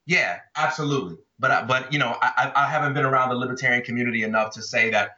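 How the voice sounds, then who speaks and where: A man's voice: mid-range voice, quick pace, bright, forceful tone. A man co-hosting a podcast, arguing his views in passionate, emphatic casual talk. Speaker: podcast co-host. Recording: dull lo-fi audio.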